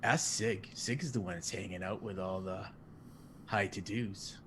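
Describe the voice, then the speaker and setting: A man's voice: low voice, steady tone, unhurried, background noise. A man voicing a bitter, proud male vampire guide who speaks in clipped, tense lines. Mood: sardonic.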